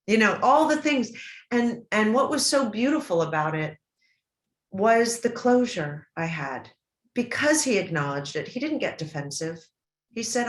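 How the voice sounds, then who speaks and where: A woman's voice: fairly high pitch, sing-song, normal speed, fairly bright tone. A middle-aged woman recounts a family story as an interview guest, her voice emotional and earnest. She stumbles and restarts often. The sound carries a roomy echo from an event hall. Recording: roomy, echoey room.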